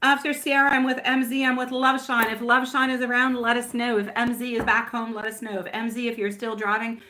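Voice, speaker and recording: A woman's voice: fairly high pitch, flat delivery, brisk, bright, forceful tone. A woman reading tarot on a live stream in casual chat, affectionate and laughing often, calling viewers my love and sweetie pie.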